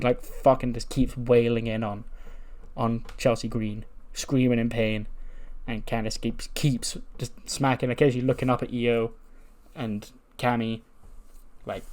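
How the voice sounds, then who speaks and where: Man at mid pitch, casual and crude, joking his way through a game. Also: little pitch movement, normal speed, a little mellow. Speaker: gaming video host.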